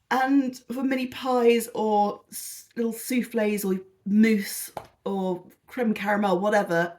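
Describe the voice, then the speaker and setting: A woman's voice: fairly high pitch, a little mellow. A British woman vlogger talking casually through a haul video, rambling, gushing and poking fun at herself, a little tired. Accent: British English. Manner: rambling, self-deprecating and gushing. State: tired and lethargic.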